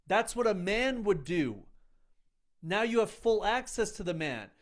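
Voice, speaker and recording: A man's voice: high-pitched, very animated, a little slow. A middle-aged man coaching other men in an earnest, emphatic self-help talk, speaking in short punchy phrases. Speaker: men's coach.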